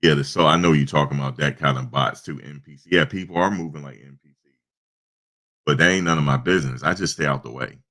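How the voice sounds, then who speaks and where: Super deep voiced guy rambling on his stream, aave, lots of restarts, bright punchy tone, desk mic. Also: fast. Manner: rambling storytelling with many restarts. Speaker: channel host. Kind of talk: casual live-stream chat. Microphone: desktop USB microphone.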